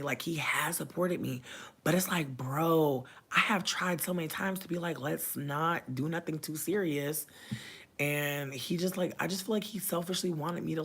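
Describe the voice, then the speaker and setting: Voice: medium pitch, slightly rough. A young adult vlogger telling a story in a casual rant, venting animatedly with heavy slang and cursing.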